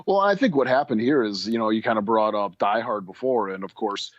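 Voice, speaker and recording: A man's voice: fairly low pitch, fairly quick, no room sound, lo-fi sound. A man co-hosting a film podcast, talking in an easygoing, hesitant way with frequent restarts. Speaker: podcast co-host. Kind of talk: casual film-review chat.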